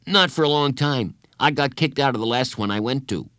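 A man's voice: medium pitch, brisk, a bit bright, no room sound, clean studio sound, natural voice. A man voicing Bradley, a shy, earnest young boy in a children's storybook.

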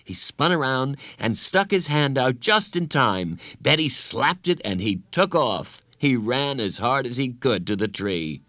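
Give me an expressive male storyteller for a children's book, lively and animated, with a very dry sound that keeps him close to the listener. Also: mid-range voice, unhurried, hardly any pauses, no echo. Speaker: narrator. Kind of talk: reading a children's story aloud.

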